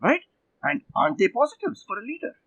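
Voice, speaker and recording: A man's voice: extremely high pitch, sing-song, fast talker, fairly bright tone, no echo. An older man with an Indian English accent, an executive coach answering interview questions emphatically. He sets out points in lists and acts out other people's quotes. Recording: dull muffled dry sound.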